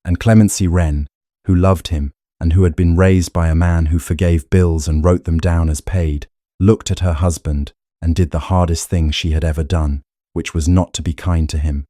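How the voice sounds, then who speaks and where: Deep-voiced male audiobook narrator. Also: fairly even intonation, dark tone, dry recording, clean studio sound. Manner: measured, storytelling.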